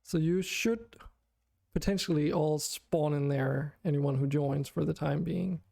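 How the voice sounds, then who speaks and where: A man's voice: fairly high pitch, gravelly, warm tone, no room sound, clean studio sound. A man streaming a game, chatting casually with viewers in a chatty, self-deprecating way and laughing often. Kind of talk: casual live-stream chat.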